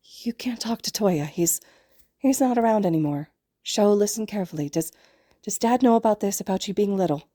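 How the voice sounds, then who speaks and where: A woman's voice: mid-range voice, fast talker, dark tone, dry recording, clean studio sound, close to an everyday voice. A woman voicing an anxious, tearful young big sister in a storybook reading, stammering and shaky.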